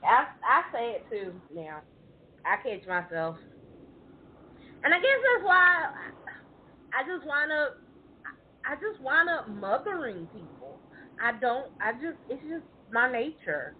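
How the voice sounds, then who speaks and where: Woman podcast host, unhurried and expressive delivery, laughs often, thin phone-like sound. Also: sits high, a little hiss or hum. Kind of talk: casual chat. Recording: tinny phone-like line.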